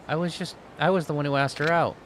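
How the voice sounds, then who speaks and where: A man's voice: fairly high pitch, steady tone, fast talker, background noise, pitched above the performer's own voice, natural voice. A man voicing a blunt, self-pitying young woman from a video game in a raised voice. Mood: disgruntled.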